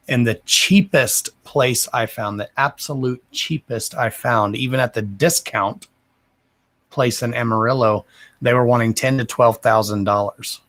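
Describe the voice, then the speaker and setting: A man's voice: mid-range voice, a little slow, a bit bright. A man, mumbling as he chats casually and profanely on a livestream as a card reader. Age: 30s. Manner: profane, rambling and self-deprecating.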